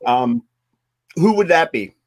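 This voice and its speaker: A man hosting a casual interview, enthusiastic and quick to agree. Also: fairly high pitch, big pitch swings, husky. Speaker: podcast host.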